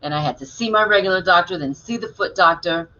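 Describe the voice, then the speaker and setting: A woman co-hosts a live stream in a bright, clear voice, chatty and full of stories. She reads viewer comments out loud. The audio is a little dull and lo-fi. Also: fairly low pitch, quick pace. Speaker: co-host of a live online talk show. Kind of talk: casual live-stream chat.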